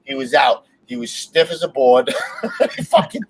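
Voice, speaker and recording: Brief: New firefighter podcast co-host, man, lively war-story teller. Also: mid-range voice, normal speed, rough recording. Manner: animated, swears freely, laughs while telling stories. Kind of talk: casual chat, storytelling.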